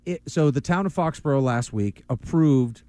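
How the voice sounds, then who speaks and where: A man's voice: on the high side, moderate pace, dark tone, no echo. A man co-hosting a sports radio show in a studio, teasing and joking through the talk. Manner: jokey, teasing. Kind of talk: casual talk radio banter.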